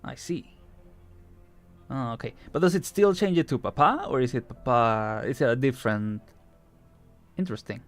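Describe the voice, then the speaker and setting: A man's voice: mid-range voice, normal speed, pauses often, soft background music. A male VTuber streamer chatting casually and curiously as he reads a game story, laughing often. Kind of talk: casual livestream commentary while reading a game.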